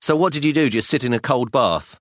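Man, from London, 40s, podcast co-host, rambling, laughs a lot, lively pitch, dry close mic. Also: a little fast, no echo. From England, London. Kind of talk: casual chat.

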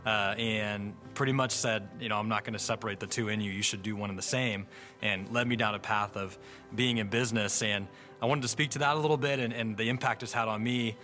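A man with a low, bright voice gives a personal testimony, pausing and restarting often. Faint music plays underneath. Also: steady tone. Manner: halting, many fillers and restarts. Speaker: church member giving a testimony.

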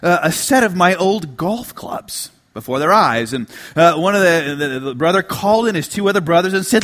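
A middle-aged man preaching a sermon, telling stories with humor and moving between quiet asides and emphatic lines. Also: on the high side, lively intonation, normal speed. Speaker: pastor.

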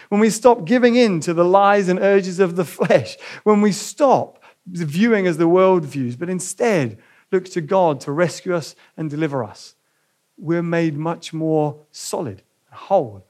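A man preaching a sermon, retelling a story and explaining its meaning to the church. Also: high voice. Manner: reads quoted dialogue with lively acted voices. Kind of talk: sermon with dramatic reading.

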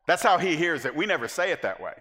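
A man preaching a sermon from the pulpit in a church, animated, stretching out key phrases and acting out the quotes he reads. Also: on the high side, fast talker. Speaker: pastor. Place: church sanctuary. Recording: echoey hall.

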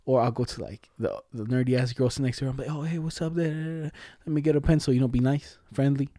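A man's voice: medium pitch, fast, warm tone, no room sound, studio quality. Slangy laid-back podcast co-host man. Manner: slangy, storytelling with laughs and acted-out quotes. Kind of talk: casual podcast chat.

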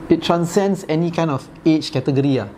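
A man's voice: fairly high pitch, fairly quick, a little mellow, a little hiss or hum. A man in his forties from Malaysia with a Malaysian English accent, chatting casually, rambling with fillers and frequent laughs. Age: 40s. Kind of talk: casual chat.

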